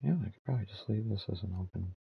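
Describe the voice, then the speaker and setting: A man's voice: fairly low pitch, rapid-fire, creaky, breathy edge, highs cut off. A man in his fifties streaming a game, ranting and swearing as he tells stories in casual chat. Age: 50s. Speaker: gaming streamer.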